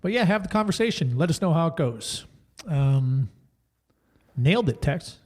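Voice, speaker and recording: A man co-hosting a relaxed podcast talks in a somewhat high voice. He rambles, jokes and corrects himself mid-sentence as he works through his thoughts. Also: moderate pace. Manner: rambling, self-correcting, jokey. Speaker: podcast co-host. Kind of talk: casual podcast chat.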